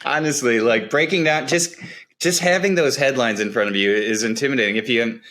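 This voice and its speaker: A man's voice: medium pitch, brisk, a bit bright. A man guesting on a comedy podcast, telling rambling, self-deprecating stories about writing jokes in casual chat. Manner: rambling, self-deprecating storytelling with many restarts.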